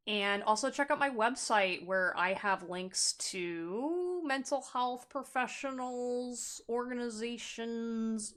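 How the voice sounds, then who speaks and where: A young adult woman giving a casual pick-a-card tarot reading, chatty and excitable, breaking into loud laughs. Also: mid-range voice. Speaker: tarot reader.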